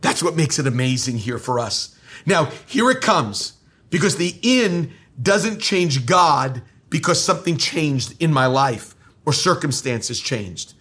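Husky-voiced man preaching a sermon. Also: fairly high pitch, animated, a bit bright. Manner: emphatic, stretches key words slowly for stress; reads scripture aloud and comments on it. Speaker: pastor.

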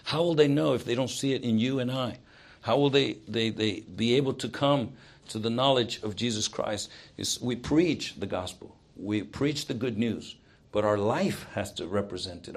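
A man preaching a sermon, swinging from emphatic exhortation to hushed, prayerful passages. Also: on the low side, normal speed.

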